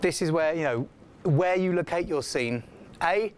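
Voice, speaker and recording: A man delivers an informal scriptwriting lecture in a classroom, unhurried, with a voice on the high side and a little hiss or hum in the recording. He is chatty and animated, acting out the feedback he quotes.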